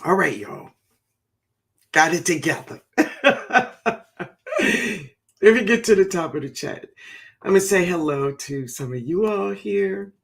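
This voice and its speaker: A woman's voice: fairly low pitch, expressive, measured pace, creaky, long pauses. A woman hosting a gardening livestream, chatting casually and affectionately, calling viewers baby and honey.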